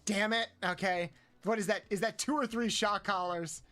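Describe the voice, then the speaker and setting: A man streaming a game, counting aloud, swearing often and yelping high when frustrated. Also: steady tone, moderate pace, sharp tone, faint music behind. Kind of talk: casual live-stream chat while playing.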